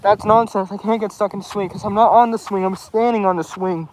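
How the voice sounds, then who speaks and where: A man's voice: high voice, steady tone, fairly quick, a little mellow, slight background noise, poor audio. A man streaming casually and answering his chat in character, rambling and defensive with lots of stumbling restarts.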